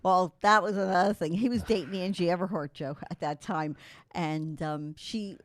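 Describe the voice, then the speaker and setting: A woman, a guest telling lively anecdotes in a casual chat. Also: lowish voice, normal speed. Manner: animated, laughing anecdotes.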